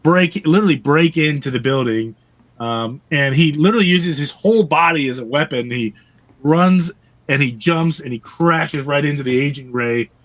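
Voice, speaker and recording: A man with a slightly raised pitch casually recaps a vintage comic book for his podcast co-hosts. He rambles through the plot with fillers and chuckles at its campy moments. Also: normal speed, fairly bright tone. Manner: rambling, laughing, acts out characters' lines. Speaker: podcast co-host.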